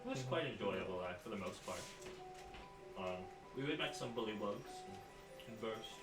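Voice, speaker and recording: A woman with a very low, lively voice speaks haltingly and with giggles during a tabletop game. She sounds roomy and set back from the mic, with music playing clearly behind. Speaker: player. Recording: echoey and far from the mic.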